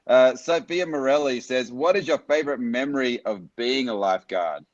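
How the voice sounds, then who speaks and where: A man's voice: medium pitch, moderate pace, highs cut off. A man hosting a live stream, upbeat and chatty, reading out viewer questions. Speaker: host.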